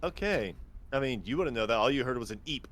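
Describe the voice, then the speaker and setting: A man's voice: medium pitch, expressive, brisk, fairly bright tone. A man running a tabletop game as game master, narrating in a laid-back way with chuckles.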